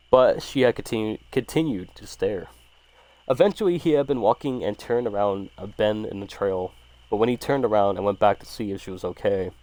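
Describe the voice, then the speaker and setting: A man's voice: lowish voice, darkish tone, no echo. A man casually reading a horror story aloud, swearing freely and stumbling over words now and then. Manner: casual, profanity-laced, stumbles and restarts.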